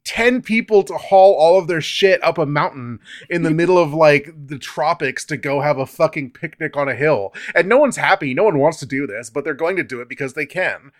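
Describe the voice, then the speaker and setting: A man's voice: on the high side, fairly quick, few pauses, no room sound, clean studio sound. A man chatting casually as a podcast co-host, rambling loosely, laughing often and swearing. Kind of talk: casual film discussion chat.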